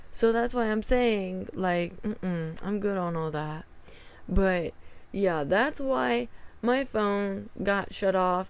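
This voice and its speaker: A young woman vlogger retelling a family argument in a storytime vlog, exasperated and animated, acting out both sides of the quoted dialogue. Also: mid-range voice.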